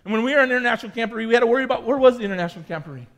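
Speaking at an extremely high pitch and a very fast clip, this middle-aged man delivers a sermon to youth cadets as their pastor. His personal story is sprinkled with casual remarks aimed at the listeners.

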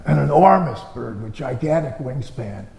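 A man's voice: medium pitch, expressive, moderate pace, vocal fry, a little mellow. A man preaching a conversational, story-driven sermon, firing off rhetorical questions with sudden emphatic bursts. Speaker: pastor. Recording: roomy with long hall reverb.

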